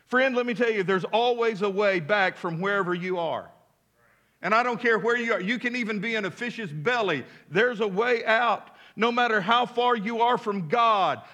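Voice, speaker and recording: A male pastor preaches in a high, ringing, sharply bright voice. He drives his points home with emphasis, calling out for responses from the congregation and dropping in relaxed, conversational asides. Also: normal speed. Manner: casual asides amid preaching. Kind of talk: sermon. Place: church.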